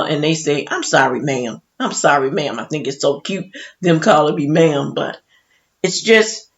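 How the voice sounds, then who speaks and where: Casting: middle-aged woman from Chicago, emotional, chatty radio tribute, muffled lo-fi sound. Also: sits low. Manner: emotional, conversational, folksy asides. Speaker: radio guest speaker. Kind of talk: heartfelt Mother's Day tribute with scripture.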